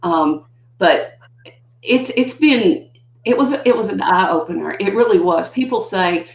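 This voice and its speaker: An older woman, a guest educator, telling stories conversationally and acting out what people said with big jumps in her voice. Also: a little slow. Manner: animated, acts out quotes with big pitch jumps. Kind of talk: conversational storytelling. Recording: dull lo-fi audio in a roomy space.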